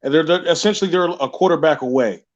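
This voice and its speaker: A man's voice: on the high side, fast talker. A man calling in to a sports talk show, talking casually and rambling, repeating words and restarting his sentences. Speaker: caller. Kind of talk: casual call-in chat.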